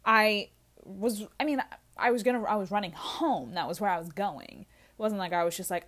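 A young adult woman tells a story casually, candid and animated. She swears freely and laughs at her own expense. She has had a few drinks. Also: mid-range voice, unhurried. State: drinking while talking.

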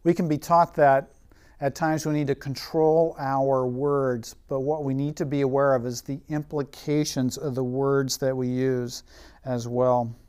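A man preaching, soft at times. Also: mid-range voice, level tone, unhurried, clean tone. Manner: storytelling, drops to a soft, quiet voice for emphasis. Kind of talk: sermon.

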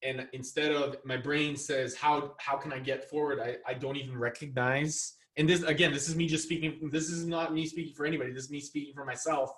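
Halting male host in an echoey room. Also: fairly high pitch, steady tone, a bit bright, far from the mic. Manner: halting, many fillers and restarts. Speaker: podcast host. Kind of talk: casual interview.

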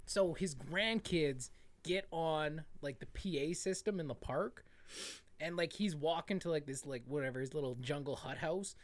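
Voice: medium pitch, moderate pace. A podcast co-host in casual film chat, telling stories in a rambling way full of fillers. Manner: rambling, filler-heavy storytelling.

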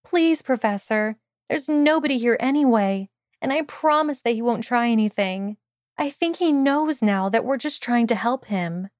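A woman's voice: fairly high pitch, lively intonation, moderate pace, darkish tone, dry recording, studio quality, natural voice. A woman voicing an earnest, determined young witch who speaks in a pleading, tenacious and eager way, in an audiobook reading of fan fiction.

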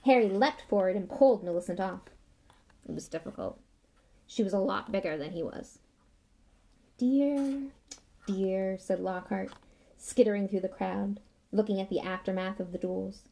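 A woman reads a novel aloud with lively, expressive storytelling. Her delivery is animated and clear, carrying the action along. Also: mid-range voice, normal speed. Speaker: reader.

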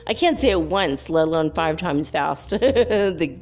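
A woman's voice: sits low, lively intonation, unhurried, hardly any pauses, faint music behind. A woman giving a casual, chatty spiritual channeling talk, often giggling as she relays messages aloud.

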